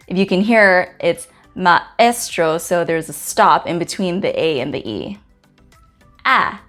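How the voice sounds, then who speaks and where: Woman carefully pronouncing letters. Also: medium pitch. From Guam. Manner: slow, careful letter-by-letter pronunciation. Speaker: host teaching the Chamorro alphabet. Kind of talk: scripted pronunciation lesson. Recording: faint music in the background.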